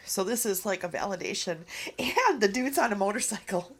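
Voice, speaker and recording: A woman doing a casual card reading, tearful and emotional, speaking haltingly with frequent pauses. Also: medium pitch, expressive, breathy edge. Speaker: oracle card reader.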